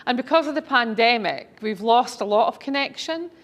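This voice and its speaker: Middle-aged woman, author giving an audience talk, slightly high voice, eager anecdotal storyteller. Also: lively intonation, normal speed. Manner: enthusiastic, chatty anecdotal delivery. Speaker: speaker and author.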